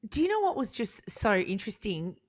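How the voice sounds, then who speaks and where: A woman's voice: mid-range voice, very animated, fairly quick. Playful woman radio co-host. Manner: playful, teasing. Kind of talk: radio chat show banter.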